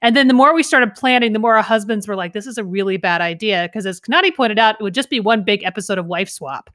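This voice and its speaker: A woman co-hosting a podcast, telling stories in lively casual chat and laughing often. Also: on the high side, quick pace. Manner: animated storyteller, laughs often. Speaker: podcast co-host.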